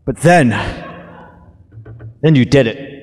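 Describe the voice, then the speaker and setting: A man playing a cheerful male ninja wrestler cutting a drawn-out, shouty wrestling promo on a convention stage. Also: mid-range voice, lightly acted. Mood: nostalgic. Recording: reverberant convention hall.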